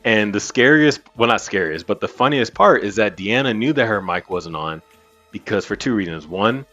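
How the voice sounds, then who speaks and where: Man, podcast host, casual storytelling, swears freely, lively low voice, dull sound. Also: moderate pace. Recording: muffled with faint music.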